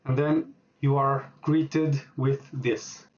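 A man walking through a software setup on screen, speaking hesitantly with many filler words as he types. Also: medium pitch, little pitch movement, slow, lo-fi sound. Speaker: programming tutorial host. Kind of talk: screen-recorded software tutorial.

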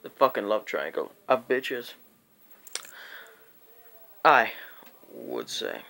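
A man's voice: lowish voice, big pitch swings, takes it slowly, gravelly, bright, forceful tone. A young man telling a rambling, profane storytime vlog, acting out quotes and sometimes dropping into a whisper. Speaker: vlogger.

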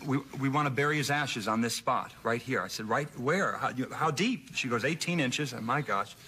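A man appearing as a talk show guest, telling anecdotes in an animated, self-deprecating way. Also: medium pitch, moderate pace. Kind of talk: anecdotal storytelling. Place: TV studio.

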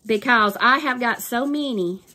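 A woman's voice: a little high, a little slow, pushed and bright. An older woman with a Southern US accent, chatting casually and gushing through a craft unboxing with folksy phrasing. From Southern United States. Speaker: crafting YouTuber.

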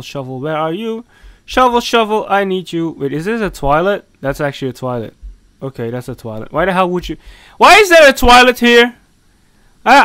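A man doing let's-play commentary on a horror game, talking to himself and the characters. He is jumpy and mock-scolding, swinging from low mutters to sudden yelps. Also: a bit bright, clean tone, no echo. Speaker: gaming commentator.

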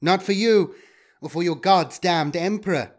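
A man's voice: high-pitched, unhurried, voice pushed up. A man voicing a harsh, scornful woman cult leader in an audio story. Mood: taunting. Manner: cold, taunting.

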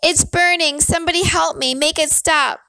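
A woman's voice: extremely high pitch, steady tone, very slow, pushed and bright, dry recording, voice pushed up, exaggerated voice. A woman voicing a wounded man in agony, screaming through tears. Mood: agonized. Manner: screaming, tearful.

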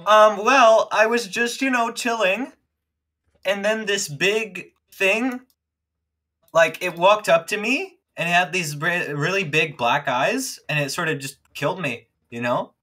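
Casting: man playing a friendly undead dog for a tabletop game, eager and chirpy, pitched up high. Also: unhurried, sharp tone, exaggerated voice. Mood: cheerful. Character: cheerful undead talking dog, male, friendly.

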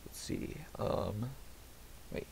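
A man giving let's play commentary at his computer, muttering and reading game words aloud as he types. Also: extremely slow. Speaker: gaming channel host. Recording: loud background noise.

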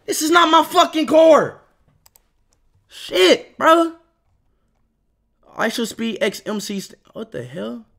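A young man streaming live, reacting loudly, swearing and breaking into sudden shouts. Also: extremely high pitch, big pitch swings, takes it slowly, gravelly, long pauses. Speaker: livestreamer.

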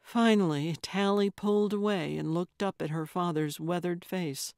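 A woman narrating a cozy mystery audiobook in a measured, even manner. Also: fairly low pitch, dry recording, studio quality. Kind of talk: scripted narration.

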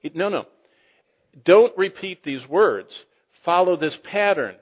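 A man teaching the Bible to a live audience in sermon style, animated, asking the room questions and swinging between loud emphasis and quiet asides. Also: sits high, unhurried. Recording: dull lo-fi recording.

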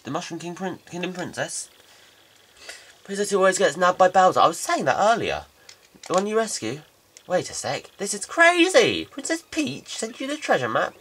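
A man giving jokey, excitable let's play commentary. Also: fairly high pitch, slightly rough. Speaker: game commentator.

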